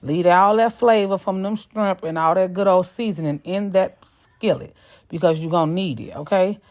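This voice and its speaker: A woman's voice: fairly low pitch, moderate pace, a little mellow. A woman hosting a cooking video, talking casually over the footage, chatty and sassy, calling her viewers y'all.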